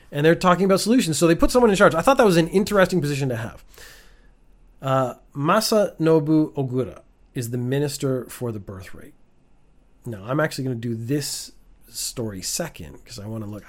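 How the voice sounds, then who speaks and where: A man giving casual, wry commentary on news stories from home, chatty with frequent restarts. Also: medium pitch.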